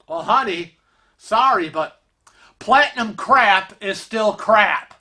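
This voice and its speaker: A man voicing a blunt middle-aged husband who talks plainly and sounds exasperated while he tries to stay calm. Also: high-pitched, slow, voice pushed up, exaggerated voice.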